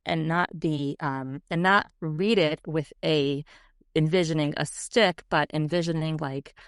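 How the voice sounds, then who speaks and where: Brief: low, smooth woman's voice, animated guest who mimics voices, dry close sound. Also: measured pace, no echo. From United States. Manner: animated, acts out quoted voices. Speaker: guest educator and author. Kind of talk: podcast interview.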